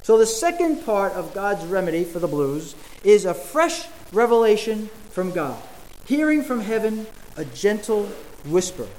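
A male preacher delivers a sermon with an earnest, explaining tone. His voice is fairly high for a man, and he pauses often with fillers. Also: darkish tone, low-quality recording.

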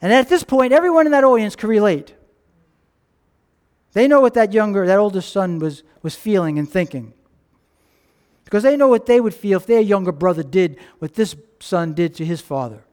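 Male pastor, very high voice, animated sermon storytelling with questions to the crowd. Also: normal speed, clear, resonant tone. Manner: animated storytelling, acting out characters' lines; asks the congregation questions.

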